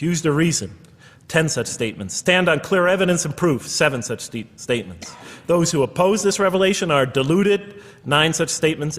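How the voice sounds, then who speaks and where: A man's voice: fairly high pitch, a bit bright. American man lecturing in a reverberant hall. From United States. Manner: conversational with wry asides. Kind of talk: public lecture. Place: large lecture hall with audience. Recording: long reverb of a large hall.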